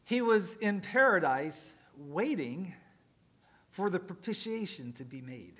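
A male preacher giving a sermon, swinging from loud emphatic lines to quiet asides and joking with the congregation. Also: a little high, big pitch swings, measured pace.

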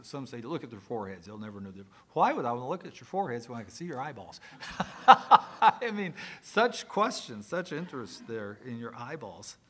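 A male preacher with a medium-pitched voice delivers a sermon. He swings from loud, emphatic lines to quiet asides and jokes with the congregation.

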